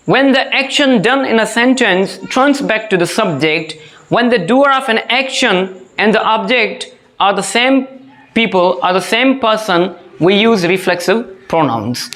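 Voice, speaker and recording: A grammar teacher giving a lesson to students, speaking slowly and repeating each phrase and example, often addressing them as dear students. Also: medium pitch, expressive, fairly bright tone.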